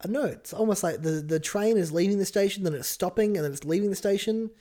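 A young man hosting a podcast in casual chat, joking with deadpan asides. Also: sits high, fast. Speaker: podcast host.

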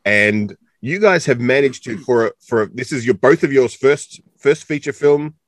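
A man's voice: medium pitch, normal speed, no echo. Chatty Australian man, very dry sound. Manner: chatty and joking, rambling with many fillers. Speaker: co-host interviewer. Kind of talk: casual interview chat.

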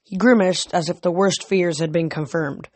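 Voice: mid-range voice, fairly even intonation, normal speed, dry recording. A reader narrates a novel aloud in a plain, unpolished way, now and then stumbling and correcting a word. The recording is dry and close. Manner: plain reading with small slips and self-corrections. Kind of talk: audiobook narration.

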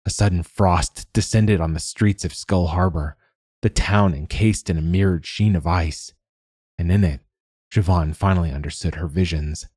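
A man narrating a fantasy story in a measured storytelling manner. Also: deep voice, a little mellow, slightly rough, no echo, studio quality. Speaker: audiobook narrator. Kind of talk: scripted narration.

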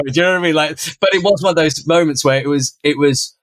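A man, a father and podcast co-host, telling a story in casual conversation and acting out quoted lines in a much higher voice. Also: fast talker, a bit bright, no room sound.

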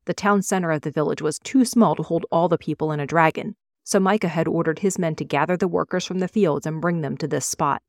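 A woman reads her own fantasy novel aloud in a measured, expressive way. Her voice sits low. The sound is dry and close. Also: no room sound. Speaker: author reading her novel. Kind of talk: audiobook reading.

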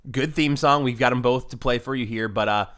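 A man hosting a podcast in casual chat, who recaps a show in a relaxed way, uses fillers, and lets his voice drop at the ends of phrases. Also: medium pitch, fairly quick. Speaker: podcast host.

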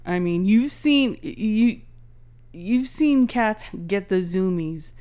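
Slow-talking woman rambling on a podcast. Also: medium pitch, clear, resonant tone. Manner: rambling, swears casually, animated storytelling. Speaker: podcast co-host. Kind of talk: casual chat.

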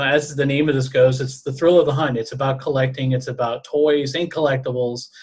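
Chatty New Orleans man in his thirties. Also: mid-range voice. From New Orleans, Louisiana. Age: 30s. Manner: chatty, with frequent fillers and restarts. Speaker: podcast co-host. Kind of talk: casual podcast chat.

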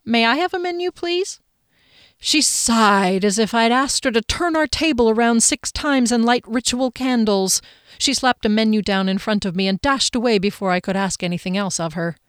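A woman narrating a first-person audiobook in a measured, expressive way. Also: on the high side, smooth, no echo, clean studio sound.

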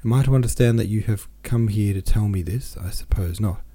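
A man's voice: lowish voice, fairly quick, warm tone, lightly acted. A man voicing a cold, stern older brother who is a consul, speaking in a clipped, reproachful way in an audiobook reading. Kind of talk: audiobook character voice.

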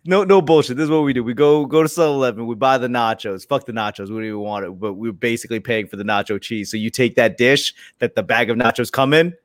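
A man's voice: medium pitch, fast, few pauses, dry recording, studio quality. A young man in casual chat, joking and teasing his co-host. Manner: joking, teasing banter with frequent laughs.

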